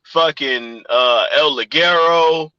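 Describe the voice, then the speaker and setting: A man's voice: on the high side, takes it slowly, pushed and bright. A man co-hosting a podcast in heated casual banter, swearing heavily. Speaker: podcast co-host. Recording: dull, lo-fi dry audio.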